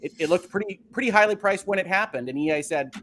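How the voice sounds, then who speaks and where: Man, podcast panelist, slightly high voice, animated, acts out quotes, faint background noise. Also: fast. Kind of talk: casual panel discussion.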